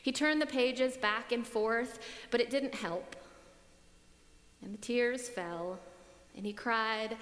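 A woman's voice: a little high, slow pace, pauses often, fairly bright tone. A woman, apparently a pastor, preaching a sermon in a reflective way, returning again and again to a repeated refrain. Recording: echoey hall with long reverb.

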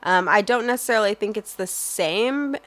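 A woman's voice: mid-range voice, normal speed, fairly bright tone. A young woman answering interview questions in a thoughtful, hesitant way, full of fillers and restarts.

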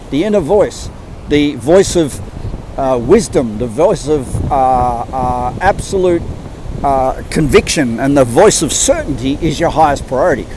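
Older man coaching, high voice. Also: noisy background. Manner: earnest, rambling, with many restarts and acted-out quotes. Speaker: life coach. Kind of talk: motivational monologue.

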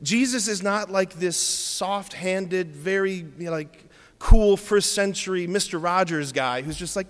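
Guy preaching to his congregation, playful and lively, voice rings in a big reverby church. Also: sits high, measured pace. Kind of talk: sermon.

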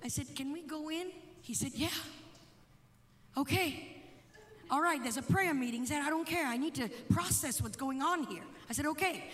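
A woman preaching a sermon, telling a story dramatically, swinging from hushed asides to shouted exhortation. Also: high-pitched, moderate pace. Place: church sanctuary. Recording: long church hall reverb.

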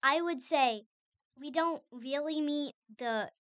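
A woman's voice: sits high, slow pace, a bit bright, no echo, lo-fi sound. A teenage girl co-hosting a casual podcast chat, hesitant and full of fillers. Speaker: podcast co-host.

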